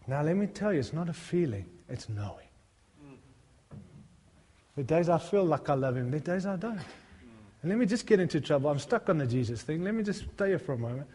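A man's voice: on the high side, very animated, a little fast, pauses often, warm tone, husky, long reverb tail. A middle-aged male pastor preaching a sermon, mixing humorous, self-deprecating stories with fervent appeals to the congregation.

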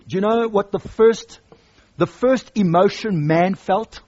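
A man's voice: high-pitched, measured pace, a little mellow, highs cut off. A man preaching a sermon, emphatic and repeating his key phrases for weight.

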